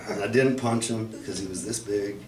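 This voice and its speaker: A man from Flint, Michigan telling a profane comic story at an open mic, dropping to low mutters and bursting into shouts. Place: cafe open mic night. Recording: echoey room, mic far off, faint noise.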